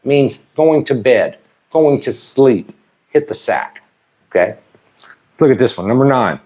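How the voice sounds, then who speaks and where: A man from Ohio, teaching English slang in a whiteboard lesson. He explains at an unhurried, deliberate pace and often stops to check in with his learners. His voice sits at an ordinary pitch for a man. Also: animated, darkish tone. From Ohio, USA. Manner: slow, deliberate, checks in with "okay?".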